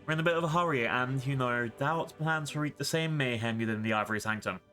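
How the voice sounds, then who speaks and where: A scheming female cult priestess, all gloating and taunting menace, read out by a man without much change to his voice. She sneers at her foes in a bright, forward tone. The villain of a fantasy game, voiced by a streamer reading along. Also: medium pitch, fast talker, faint music behind, close to an everyday voice. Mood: threatening. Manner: mocking, taunting.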